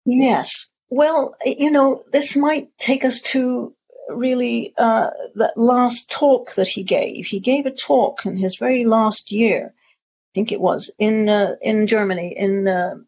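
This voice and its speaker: A woman's voice: a little high, steady tone, takes it slowly, a little mellow, slightly rough. A woman answering audience questions at a talk, discursive, with many fillers and restarts. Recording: muffled lo-fi audio.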